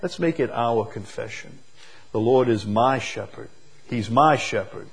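A man preaching a sermon, moving from quiet, slow reflection to loud, emphatic declarations. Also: mid-range voice, creaky, breathy edge. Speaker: pastor.

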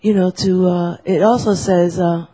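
Breathy woman, halting, Spanish native. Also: lowish voice, steady tone, warm tone, rough recording. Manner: halting, frequent restarts. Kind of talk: casual talk.

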